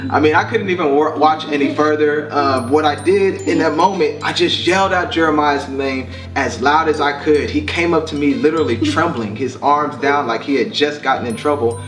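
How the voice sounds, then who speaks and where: A man's voice: fairly high pitch, normal speed, hardly any pauses. A man hosting a family vlog, speaking earnestly and reflectively to his viewers, with frequent fillers as he talks about being a father. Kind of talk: heartfelt family vlog talk. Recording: roomy echo, distant mic, faint music.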